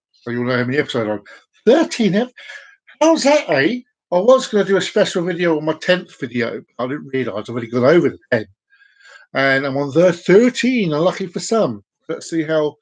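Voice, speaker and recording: A man rambling playfully to camera in a solo vlog, joking and talking to himself in a sing-song way. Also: on the high side. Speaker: vlogger.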